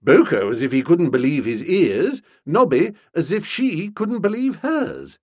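A man giving an expressive, comic audiobook narration. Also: a little high, unhurried, breathy edge, dry recording, clean studio sound. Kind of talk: scripted narration.

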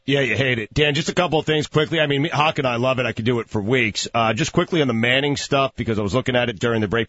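A husky-voiced man co-hosts sports radio, delivering news notes in a quick, matter-of-fact way. He sits close and dry to the mic, and the band sounds dull, like an old radio broadcast. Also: mid-range voice, a bit bright, no echo. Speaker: radio show co-host.

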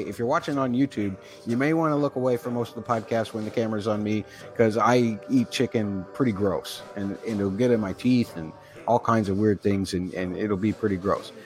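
A man's voice: on the low side, fairly quick, a little mellow, faint music behind. A man hosting his own podcast alone, chatty and rambling, with fillers and asides. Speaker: podcast host. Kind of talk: solo podcast recap.

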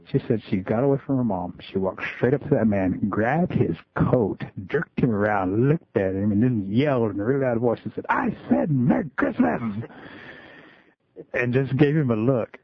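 A man who works as a school and community storyteller, telling a story in a relaxed, folksy way. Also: lowish voice, moderate pace, hardly any pauses, slightly rough, dry recording. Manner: relaxed folksy storytelling, many "just kinda". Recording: tinny phone-like radio line.

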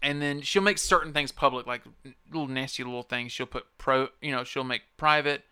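Close to his podcast mic, a male host rants in a casual, profane, rambling, and emphatic way. His mid-range voice is a little fast, pushed and bright, smooth and free of echo.

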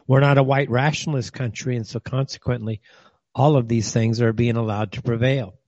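A man's voice: mid-range voice, fairly even intonation, a little fast, a little mellow, dry recording, muffled recording. A man hosting a talk show in a ranting monologue, firing rhetorical questions at listeners and calling people names. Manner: scornful, name-calling.

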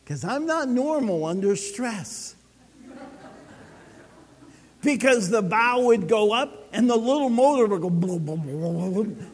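A man preaching a sermon, telling a story with dramatic swings between loud and soft. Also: sits high, creaky, in a large hall. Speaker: pastor.

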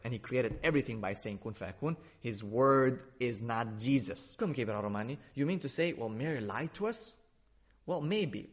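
A man giving an argumentative religious lecture, sarcastic and emphatic, hammering his points home with repetition. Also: slightly rough. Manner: sarcastic and emphatic, repeating points with rising pitch. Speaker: Islamic lecturer.

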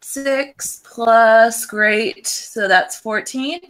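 A woman playing a tabletop game, playful and quick to laugh. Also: fairly high pitch, fairly bright tone. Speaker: player.

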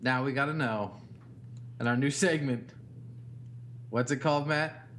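A man in his thirties co-hosting a casual comedy podcast, telling profane stories about his daughter in an animated way. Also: mid-range voice, a little slow, slight background noise. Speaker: podcast co-host.

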